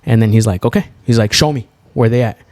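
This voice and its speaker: A young man co-hosting a podcast, telling a story in a loose, profane way and jumping up high when he gets excited. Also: quick pace, no echo. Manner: animated, profane, swings to high laughing exclaims. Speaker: podcast co-host. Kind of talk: storytelling in casual chat.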